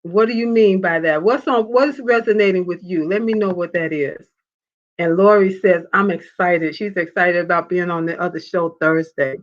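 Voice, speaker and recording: A woman hosting a live faith talk show, reading viewer comments and telling a personal story in an animated way. She laughs often and acts out the voices of the people she quotes. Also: on the low side, moderate pace. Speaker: show host. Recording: dull lo-fi sound.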